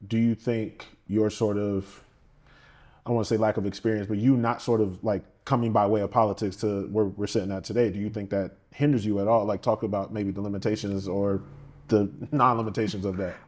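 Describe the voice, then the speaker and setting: A man's voice: on the low side, flat delivery, a little fast, darkish tone. A man interviewing a guest, asking questions in a hesitant, hedging way with many fillers.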